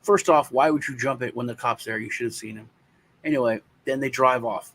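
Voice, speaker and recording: Man telling a story, animated voices. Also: mid-range voice, fairly quick. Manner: animated, acts out the voices of people in his story; swears casually. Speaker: co-host. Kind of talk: casual storytelling.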